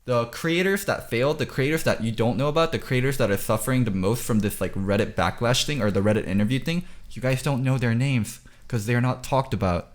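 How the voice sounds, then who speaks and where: A man's voice: mid-range voice, brisk, hardly any pauses. A man hosting a casual esports podcast, talking reflectively and filling his talk with "like". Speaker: podcast host, content creator.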